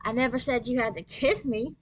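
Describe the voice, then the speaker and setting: A woman's voice: a little high, a little fast, no echo, voice pushed up, close to an everyday voice. A woman reading aloud and voicing a sly, taunting sixth-grade boy. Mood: mocking. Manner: mocking, taunting.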